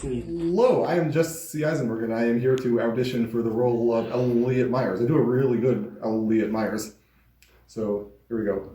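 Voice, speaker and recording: A man's voice: medium pitch, fairly even intonation, normal speed, dark tone, roomy sound. A man speaking in a hesitant, awkward way in an amateur comedy skit.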